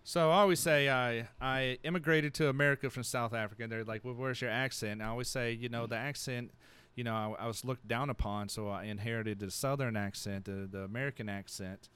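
A man's voice: medium pitch, steady tone, brisk, fairly bright tone, smooth. A man co-hosting a podcast in casual chat, rambling and joking, and often repeating himself. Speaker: podcast co-host.

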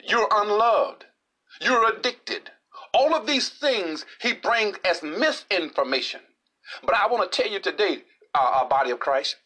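A man preaching a sermon and reading scripture aloud, animated and often restarting his phrases. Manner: animated, pitch swinging widely with restarts.

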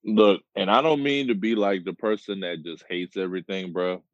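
Male podcast co-host, laid-back, low and slow delivery, dull dry lo-fi recording. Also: no echo. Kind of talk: casual chat.

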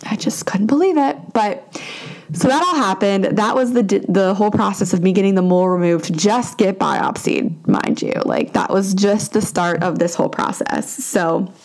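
A young woman hosts her own podcast, telling a long personal story in a chatty, animated way. Her voice sits mid-range with a noticeable gravelly fry running through it. She keeps piling on asides as she goes. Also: mid-range voice. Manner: chatty, animated retelling with frequent "like" and "lo and behold". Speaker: podcast host. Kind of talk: casual storytelling monologue.

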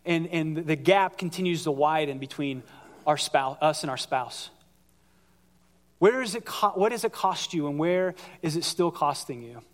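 A high-voiced man preaches to a church congregation, talking in a lively, conversational way and slipping into little acted-out voices for the people he quotes. His voice carries a long hall reverb. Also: normal speed. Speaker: pastor. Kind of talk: sermon.

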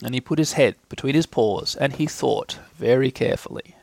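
A man reading a children's storybook aloud in a gentle, unhurried way. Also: mid-range voice, vocal fry, dry recording. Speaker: reader.

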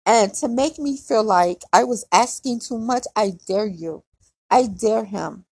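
A woman's voice: a little high, measured pace, vocal fry, a little mellow, husky, dry recording. A young woman venting bluntly in an emotional personal monologue, repeating herself as she talks. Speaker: podcaster.

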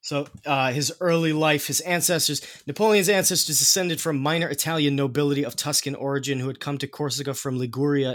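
A man's voice: medium pitch, a bit bright, no echo, studio quality. A man hosting a podcast, explaining history in casual chat, with many fillers and restarts.

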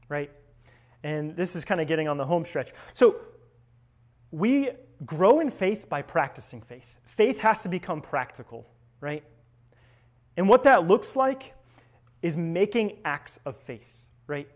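A young man, a seminarian, giving a conversational spiritual reflection, telling stories and often checking in with tag questions. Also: on the high side. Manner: storytelling, with frequent tag questions.

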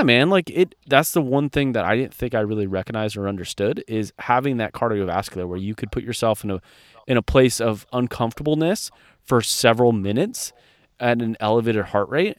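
A man's voice: mid-range voice, a little fast, no room sound. A young man co-hosting a podcast in casual chat, blunt and profane, laughing often and acting out people he mocks. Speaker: podcast co-host.

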